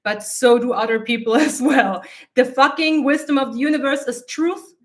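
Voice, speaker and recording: A woman with a slightly high voice speaks casually to her viewers as a coach. She is blunt and profane, swearing freely and laughing often as she talks. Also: moderate pace. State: teary eyes from allergy. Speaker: mindset coach and channel host. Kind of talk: casual talk to camera.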